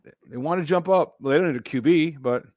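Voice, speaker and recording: A middle-aged man hosting a live sports talk stream, animated and emphatic, repeating his points and greeting viewers by name. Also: on the high side, quick pace, no room sound, dull audio. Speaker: sports talk show host.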